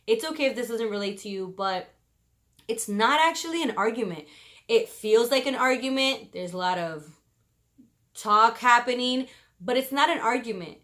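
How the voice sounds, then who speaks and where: Woman vlogger, slightly high voice, loud and passionate, quick to laugh. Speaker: vlogger giving marriage advice. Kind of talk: casual advice vlog to camera.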